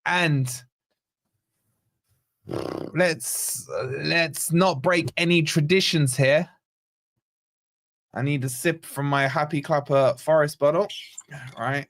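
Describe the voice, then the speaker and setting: A man's voice: on the high side, steady tone, slow pace, pauses often, a bit bright. A man hosting a live fan watch-along stream, reading out chat comments with chatty, teasing banter. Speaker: fan channel host.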